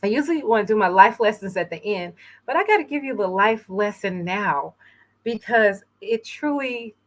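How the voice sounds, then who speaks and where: A woman from New York hosting an inspirational talk show, speaking earnestly and a little emotionally, with frequent pauses. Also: medium pitch, lively intonation. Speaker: host.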